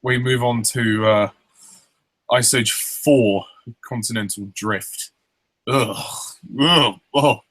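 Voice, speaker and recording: A young man reviewing films in a casual chat, relaxed and agreeable, quoting lines from the films. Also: medium pitch, takes it slowly, dry recording. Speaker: film reviewer.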